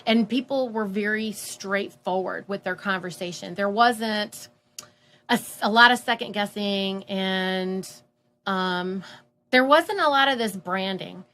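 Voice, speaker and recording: A woman casually telling a personal story, animated and full of fillers, acting out the voices of people she quotes. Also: medium pitch, measured pace. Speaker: guest telling her story.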